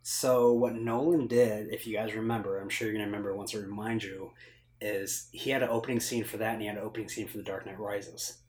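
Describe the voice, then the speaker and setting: Animated man telling a story. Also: lowish voice, fast talker, slight background noise. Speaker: podcast co-host. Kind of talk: casual chat.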